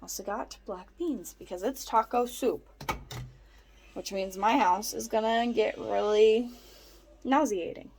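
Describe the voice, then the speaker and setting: A woman's voice: a little slow, creaky, a little mellow, slight background noise. A young woman casually narrating a home vlog, chatty and playful as she puts groceries away. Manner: chatty, playful, talks to her cat in a squeaky baby voice. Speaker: vlogger. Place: home kitchen.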